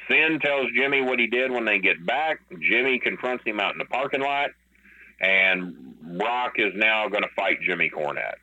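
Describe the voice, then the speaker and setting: A man's voice: on the low side, lively intonation, normal speed, bright, forceful tone, muffled recording. A man telling a long story as a podcast guest, rambling and profane, with many fillers. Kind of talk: casual storytelling.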